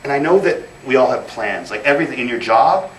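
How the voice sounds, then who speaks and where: Quick and lively in intonation, a man in his thirties tells stories with emphatic repetition during a motivational guest speech. His pitch is medium and his tone fairly bright. Recorded in an event hall from a distant mic, the audio is roomy with a little background noise.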